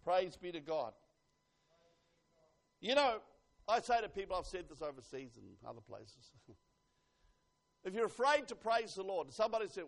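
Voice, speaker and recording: A man preaching a sermon, swinging from hushed asides to loud exclamations and reading scripture slowly with emphasis. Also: sits high, very animated, gravelly.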